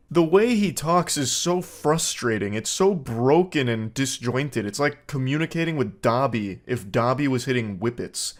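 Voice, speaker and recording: Host, male, 30s, dry deadpan delivery, sarcastic comedic commentary, mid pitch. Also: moderate pace, few pauses. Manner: deadpan, sarcastic, with mocking put-on voices for quotes. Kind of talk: comedic commentary reading text messages.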